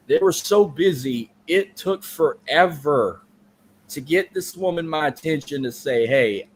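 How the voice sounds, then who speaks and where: A man's voice: mid-range voice, slight background noise. A man co-hosting a podcast, telling a long story in casual, profane, rambling chat. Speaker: podcast co-host.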